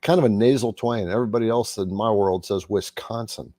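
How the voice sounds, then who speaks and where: A man's voice: on the low side, quick pace, mellow, no room sound. A man hosting a casual livestream, chatting and greeting viewers by name. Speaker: livestream host.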